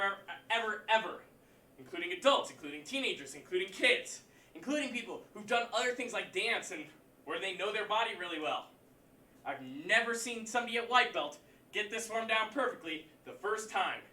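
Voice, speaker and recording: A man teaching a martial arts class online, counting out moves, shouting kiai and giving encouraging pep talks. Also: sits high. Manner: encouraging, pep-talk delivery. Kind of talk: leading a livestream class. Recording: echoey room, voice far from mic.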